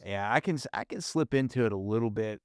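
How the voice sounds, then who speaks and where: A podcast host with a faint Southern accent talks in an easygoing, anecdotal way. His voice is low and smooth, and the recording is dry and close. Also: lively intonation, fast, no room sound. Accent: faint Southern American. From Southern United States. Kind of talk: casual podcast conversation.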